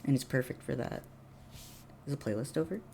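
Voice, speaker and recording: A woman livestreaming, chatting casually with viewers, laughing often and breaking into excited bursts. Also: very deep voice, fairly quick, creaky, a little hiss or hum. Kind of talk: casual live-stream chat.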